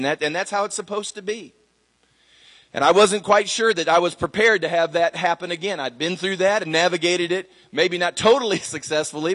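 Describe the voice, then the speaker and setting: Middle-aged male pastor, slightly high voice, chatty testimony with restarts, long hall reverb. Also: fairly bright tone. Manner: conversational storytelling with many fillers and restarts. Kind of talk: sermon testimony.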